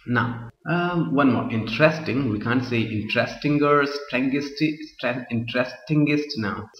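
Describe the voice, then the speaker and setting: A man's voice: medium pitch, unhurried, hardly any pauses. A man teaching a grammar lesson, repeating his points and checking with the class again and again. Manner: repeats points, keeps asking "Clear?". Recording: muffled echoey room, voice drifting from mic.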